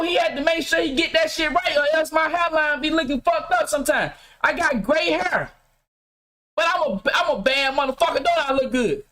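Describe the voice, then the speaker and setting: Middle-aged man, high voice, casual livestream host, preachy and profane with shouted bursts. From Mississippi, US. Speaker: podcast host. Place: home game room.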